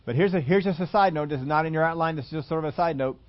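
A man preaching a sermon, telling a scripture story with animated, acted-out voices for its characters. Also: a little high, racing. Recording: muffled lo-fi sermon recording.

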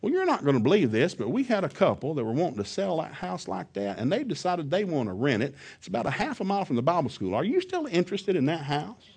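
A man's voice: fairly high pitch, big pitch swings, fast talker, hardly any pauses, darkish tone, breathy edge, heavily acted. A man voicing a polite, businesslike woman realtor on a phone call. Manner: polite, matter-of-fact.

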